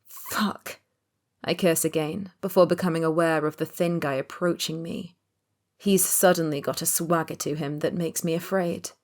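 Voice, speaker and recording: Brief: woman narrator, lowish voice, tense wry first-person storytelling. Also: steady tone, normal speed, a little mellow. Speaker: audiobook narrator.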